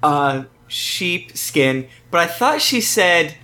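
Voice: mid-range voice, big pitch swings, slow, noisy background. A podcast co-host chatting casually, rambling with hesitations as the story is retold. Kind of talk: casual recap chat.

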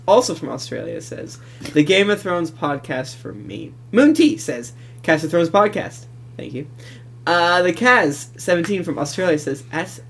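A man's voice: fairly high pitch, creaky, a little hiss or hum. A man co-hosting a podcast, chatting casually and reading listener reviews aloud with asides. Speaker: podcast co-host.

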